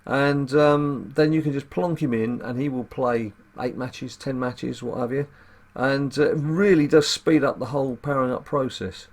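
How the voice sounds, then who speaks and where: A man with a husky, gravelly voice talks through a mobile card game. He keeps it casual and wry, musing aloud and throwing in dry asides to his viewers. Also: medium pitch, fairly even intonation, moderate pace, few pauses. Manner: chatty and wry, muttering asides to himself. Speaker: gaming channel host. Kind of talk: casual gameplay commentary.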